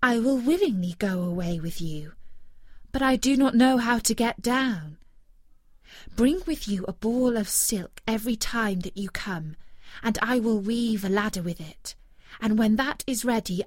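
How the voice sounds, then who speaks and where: A woman reading aloud, voicing a gentle young maiden in a sweet, earnest way. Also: on the high side, a little slow, no room sound.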